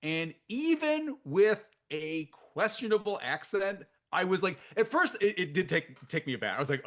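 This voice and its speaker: A man's voice: a little high, very animated, moderate pace, hardly any pauses, a bit bright. A man co-hosting a movie podcast, chatting casually and self-deprecatingly, often laughing at his own remarks. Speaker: podcast co-host. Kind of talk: casual film podcast chat.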